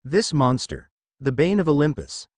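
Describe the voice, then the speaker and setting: A stern huntress girl with formal, old-fashioned wording and a lively pitch, read by a man narrating a storybook. The voice is close and dry, with no room sound, and she speaks with firm resolve. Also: normal speed, dry recording.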